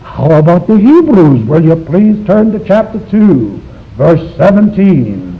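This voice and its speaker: Emphatic, lively male Bible teacher. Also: high-pitched, unhurried. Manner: emphatic, asks the class rhetorical questions. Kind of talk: Bible study lecture to a live class. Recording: dull lo-fi recording.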